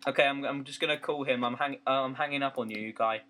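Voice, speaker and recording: A man's voice: medium pitch, fairly even intonation, fast, sharp tone. A man hosting a casual podcast over game footage, rambling and giggling, often tripping over his words. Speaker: podcast host.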